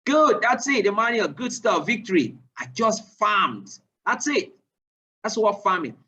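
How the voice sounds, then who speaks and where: A man leading a live online sales training, quizzing his listeners with repeated questions and rising with excitement. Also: distant mic, lo-fi sound. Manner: animated, rising pitch when excited.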